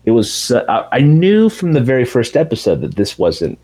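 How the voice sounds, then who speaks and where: A man's voice: medium pitch, moderate pace, breathy edge, rough recording. A man in casual chat, animatedly retelling a TV show's ending and swearing freely. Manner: animated storytelling with profanity, acting out characters in raised voices.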